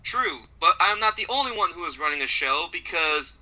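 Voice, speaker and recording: A man's voice: on the high side, lively intonation, moderate pace, few pauses, bright, forceful tone, poor audio. A man hosting a podcast, announcing his co-hosts with teasing hype-man introductions. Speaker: podcast host. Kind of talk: casual podcast chat.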